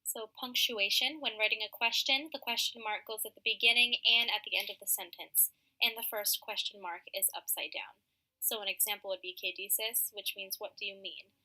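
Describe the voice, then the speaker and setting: A woman's voice: medium pitch, fairly even intonation, a little fast, pushed and bright, rough recording. A young woman narrating a slideshow presentation for a class, reading from her slides with frequent ums.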